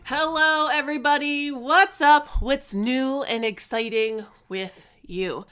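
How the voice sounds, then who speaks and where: Forties woman, podcast host and coach, higher-pitched, unhurried, candid, sassy, worn out. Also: fairly bright tone, soft background music. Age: 40s. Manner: chatty, candid and laughing, with sassy asides. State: tired and stressed. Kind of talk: casual chat. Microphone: podcast microphone.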